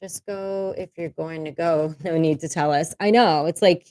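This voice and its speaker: A woman's voice: low-pitched, moderate pace, hardly any pauses, a little mellow, no room sound. Candid, chatty woman livestreaming from home. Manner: candid and chatty, swears casually, laughs often. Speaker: livestream host. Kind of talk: casual livestream chat. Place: home room. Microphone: desk microphone.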